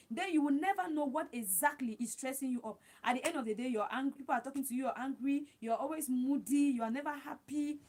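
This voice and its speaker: High-voiced woman giving chatty advice. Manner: repetitive, talks straight to viewers as "guys". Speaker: livestream host. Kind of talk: casual livestream advice talk.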